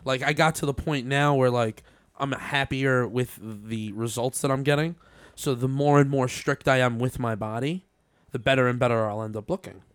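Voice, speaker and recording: A man's voice: mid-range voice, fairly even intonation, normal speed, clean tone, no echo, clean studio sound. A man in casual chat, swearing often and restarting his sentences. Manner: profane, stammering restarts.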